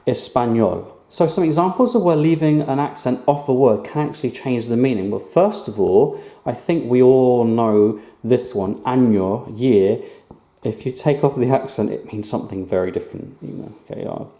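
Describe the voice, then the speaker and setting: Male language teacher, patient and clear, mellow tone, roomy echo. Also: mid-range voice. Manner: clear, patient explaining with slow repeated words. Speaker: Spanish teacher. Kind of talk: online language lesson.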